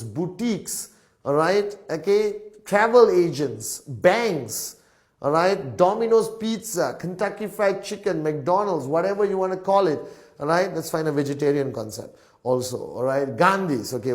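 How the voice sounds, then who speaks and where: A man giving a whiteboard business presentation as the presenter, speaking in punchy lists and tagging phrases with a repeated "all right?". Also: fairly high pitch. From Malaysia. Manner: animated, emphatic lister. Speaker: network marketing presenter.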